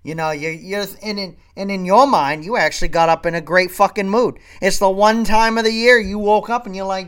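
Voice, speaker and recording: A man's voice: high-pitched, moderate pace, fairly bright tone. A man from Maine doing a profane comedic rant, exasperated and swearing, often repeating himself. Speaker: comedic storyteller.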